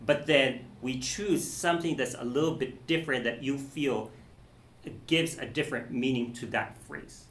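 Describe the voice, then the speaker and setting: A man teaching a cello masterclass, explaining bowing and phrasing patiently, with many pauses, restarts and "okay"s. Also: medium pitch, a bit bright, slight background noise. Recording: roomy echo.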